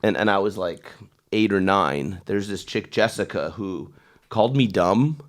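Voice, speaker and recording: A podcast co-host tells a school story in an easy, laid-back manner. His voice sits on the low side. He is quick to laugh along with the others as he talks. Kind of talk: casual chat.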